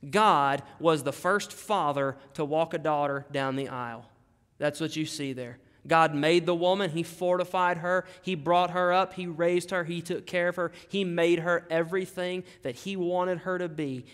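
A man's voice: a little high, steady tone, normal speed, a bit bright, clear, resonant tone. A male pastor preaching a sermon, emphatic and dramatic, repeating key phrases. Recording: long hall reverb.

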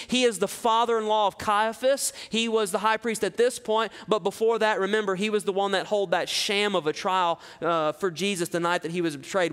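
Male pastor, high voice, expository sermon with dramatic readings, long hall reverb. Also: a little fast, hardly any pauses, smooth. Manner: preaching with dramatic scripture reading, rising loud on quotes, dropping low for asides.

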